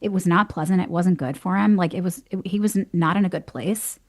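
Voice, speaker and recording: A woman guest on a podcast, chatting casually, animated and laughing as she tells stories and acts out other people's words. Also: on the low side, brisk. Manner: animated storyteller, acts out quoted voices, laughs often. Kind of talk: casual conversation.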